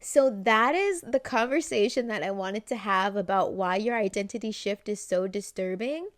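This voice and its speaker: A woman giving casual self-help advice straight to camera, chatty, with many "right?" asides and quick acted-out snippets of conversation. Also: mid-range voice, no echo, clean studio sound.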